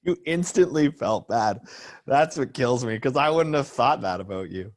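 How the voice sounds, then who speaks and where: A man's voice: mid-range voice, expressive, normal speed, no room sound. A man co-hosting a podcast, answering with short, teasing reactions. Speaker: podcast co-host. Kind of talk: casual chat.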